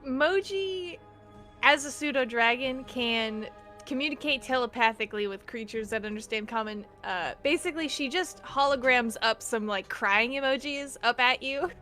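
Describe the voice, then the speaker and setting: A woman's voice: high voice, normal speed, pushed and bright, faint music behind. A woman playing a tabletop game, describing her pet's actions in a light, giggly way. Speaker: player.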